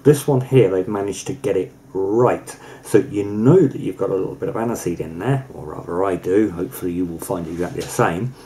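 A man co-hosting a casual e-liquid review, chatty and quick to laugh, often repeating words as he thinks. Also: deep voice, vocal fry, warm tone, slight background noise, rough recording.

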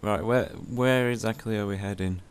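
A man's voice: on the low side, fairly even intonation, moderate pace. Jokey young gamer guy. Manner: jokey, playful banter with sudden squeals. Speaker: co-host gamer. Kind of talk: casual gaming chat.

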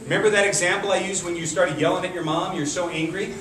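A man, a martial arts instructor, giving an energetic call-and-response talk to children at a school assembly, coaxing them to repeat phrases. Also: sits high, fast talker. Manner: energetic, coaxing, asks questions and has the kids repeat phrases. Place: large echoey room such as a school gym. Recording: echoey hall from far off with kids' noise. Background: children's voices and room noise.

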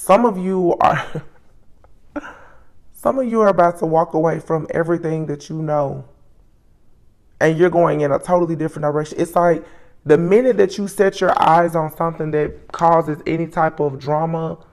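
A woman giving a solo tarot reading, musing aloud as she names each card, with soft exclamations along the way. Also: low-pitched, moderate pace. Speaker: tarot reader.

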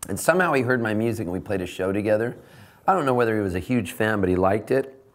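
A man with a deep voice tells a rambling, animated anecdote backstage. He talks casually and loosely, like in a relaxed interview. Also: fast talker. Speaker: singer-songwriter telling a backstage story. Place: backstage at a tavern venue.

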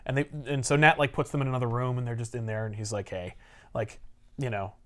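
A man co-hosting a casual podcast, retelling a comic book plot with laughter and quick acted-out lines. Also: medium pitch. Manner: animated storyteller, laughs often, acts out characters' lines. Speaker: podcast co-host.

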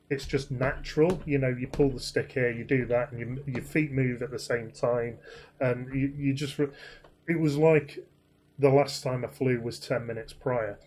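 Guy rambling thru a story, lots of ums, self-deprecating, mid pitch. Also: a little mellow. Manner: rambling, self-deprecating, many fillers and restarts. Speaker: flight sim streamer. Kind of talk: casual anecdote.

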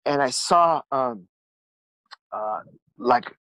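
A man's voice: medium pitch, big pitch swings, very slow, creaky, pushed and bright, no echo, highs cut off. A man telling his life story as a podcast guest, earnest and rambling, repeating words and acting out what people said. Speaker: guest musician. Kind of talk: candid storytelling interview.

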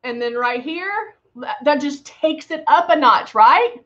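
A woman's voice: high voice, lively intonation, a little slow, fairly bright tone, lo-fi sound. A woman giving a live makeup tutorial, chatty and bubbly, throwing in playful sound effects as she works. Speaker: makeup demonstrator.

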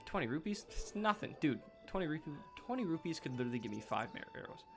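A man giving casual gameplay commentary, excitable, swearing playfully and talking to the game. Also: on the high side, quick pace, music in the background. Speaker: let's play gamer.

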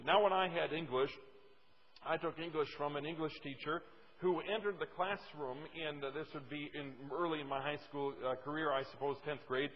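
A man preaching a sermon, emphatic, slowing down to stress scripture quotes and telling folksy classroom stories. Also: fairly high pitch. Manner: storytelling with folksy asides. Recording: dull lo-fi audio with long reverb.

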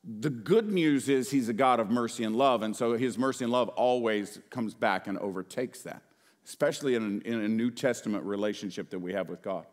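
A middle-aged man preaching a sermon as pastor, swinging between loud outbursts and hushed, earnest passages. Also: medium pitch, a little fast.

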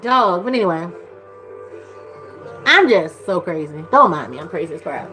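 A woman's voice: normal speed, soft background music. A woman, chatting casually to camera as a vlogger and mother, rambling and gushing. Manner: rambling and gushing, swings into high excited voices.

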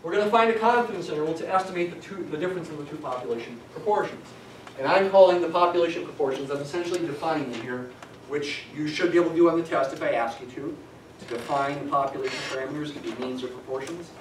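A man's voice: fairly high pitch, fast talker, a little hiss or hum. A middle-aged man teaching a statistics class, chatty and digressive with dry humor. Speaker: statistics lecturer. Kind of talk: classroom lecture. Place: lecture classroom. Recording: echoey classroom from a distance.

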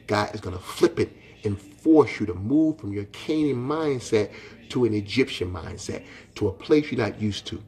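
A man's voice: fairly low pitch, darkish tone, husky. A male pastor preaching a sermon in a folksy, direct way, rising to impassioned, emphatic questions. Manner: folksy and direct, talks to viewers by name.

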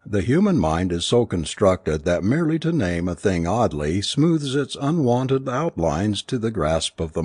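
Male storyteller for an audiobook, low husky voice, lively intonation, dry close sound. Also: no echo. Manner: measured, expressive storytelling. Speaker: audiobook narrator. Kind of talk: scripted narration.

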